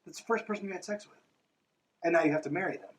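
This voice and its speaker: A man's voice: on the high side, very fast, recorded from a distance, poor audio. A man hosting a podcast, reading a book aloud and breaking off into sarcastic, exasperated commentary. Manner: sarcastic, exasperated asides between read passages. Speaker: podcast host.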